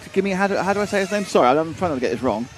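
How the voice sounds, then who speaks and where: Chatty male race commentator, slightly high voice. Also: animated, fast talker, slight background noise. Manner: chatty, playful, stumbles over names.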